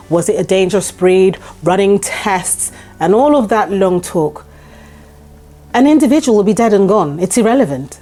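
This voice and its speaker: A woman's voice: mid-range voice, mellow. A woman vlogger telling a personal story to camera, emphatic and repeating her points for stress.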